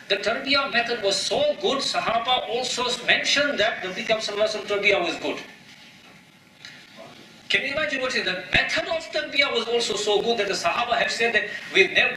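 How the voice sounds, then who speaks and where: An imam with a high-pitched, sharp-toned voice preaches a sermon in a mosque prayer hall, heard from a distance in an echoey space with a little hiss or hum. He is emphatic, posing rhetorical questions, repeating key phrases, and mixing in Arabic terms.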